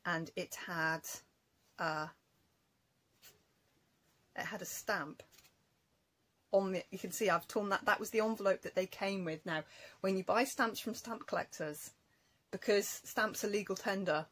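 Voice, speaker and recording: Woman, low-pitched, casual rambling craft chat. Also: rough recording. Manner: chatty, rambling, self-correcting. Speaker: craft vlogger. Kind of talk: casual show-and-tell chat.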